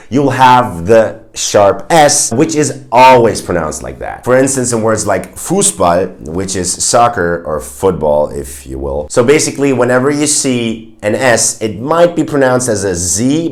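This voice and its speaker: A man giving a casual video lesson on German pronunciation, explaining step by step and slowing down to demonstrate each sound. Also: fairly low pitch. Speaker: German language teacher.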